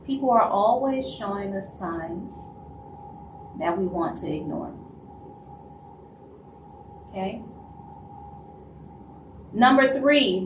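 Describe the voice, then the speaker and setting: A woman from Louisiana with a Louisiana Southern accent, hosting a live stream in casual talk and acting out other people's lines in quick asides. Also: medium pitch, animated, slight background noise. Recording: roomy echo, voice from a distance, faint ambience.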